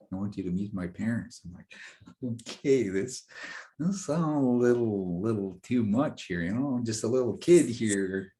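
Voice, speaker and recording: A middle-aged man, a guest in a casual interview, telling a personal story in an animated way and often laughing as he talks. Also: lowish voice. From Indigenous North American community. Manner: animated storyteller who laughs through his tale.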